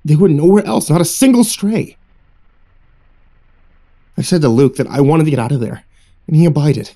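A man narrating a horror story in a hushed, suspenseful storytelling manner. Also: a little high, normal speed. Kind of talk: scripted narration.

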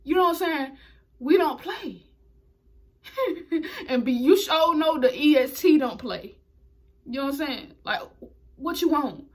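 A woman recapping a wrestling show in a chatty, slangy way, laughing often. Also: high voice. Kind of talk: casual video recap.

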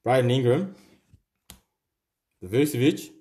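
A man's voice: mid-range voice, lively intonation, slow pace, darkish tone. A young Australian man hosting a card-opening video, swearing constantly and rattling off player names in casual commentary. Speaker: card-opening channel host.

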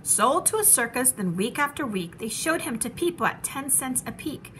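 A woman teacher reading a children's storybook aloud with animated, rhythmic rhyming narration. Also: sits high, normal speed, slight background noise.

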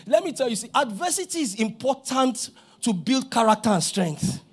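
High-voiced Nigerian man preaching. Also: normal speed, husky. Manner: animated preaching, shouting at peaks, acting out dialogue. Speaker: pastor. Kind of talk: sermon.

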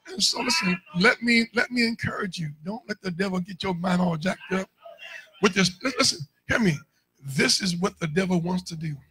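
A man preaching in a church with a high, strikingly bright and piercing voice. He calls out to the congregation and builds to shouted peaks. Faint room noise sits under his voice. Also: rough recording. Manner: fiery call-and-response preaching, shouting at peaks. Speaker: pastor. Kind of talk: sermon. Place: church sanctuary.

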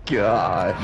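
A young man playing along, excitable and swearing, who yelps when startled. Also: fairly low pitch, noisy background. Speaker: co-player. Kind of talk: casual gaming banter. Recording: game music playing behind.

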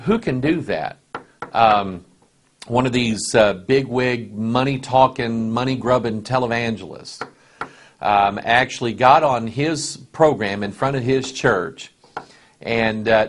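A man's voice: medium pitch, measured pace. A man, a pastor, leading a Bible study. He reads scripture with rising force and talks to the room in conversational asides.

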